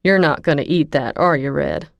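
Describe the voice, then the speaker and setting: A big young college man with a blunt, teasing way of talking, as a woman narrator puts him on in an audiobook. His voice sits fairly low and sounds close and dry. He stays matter-of-fact and protective. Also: normal speed, vocal fry, dry recording, lo-fi sound. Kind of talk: audiobook character voice.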